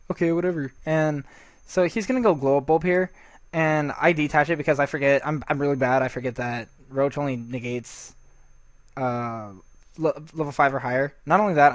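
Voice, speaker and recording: A man's voice: a little high, no room sound. A man giving casual, rambling gameplay commentary, swearing freely and restarting his sentences often.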